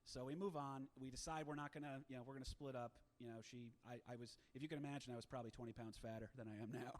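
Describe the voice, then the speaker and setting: A man in his thirties telling a self-mocking story in a stand-up set, brash and animated at the punchlines. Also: medium pitch, fast talker. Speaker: stand-up comic.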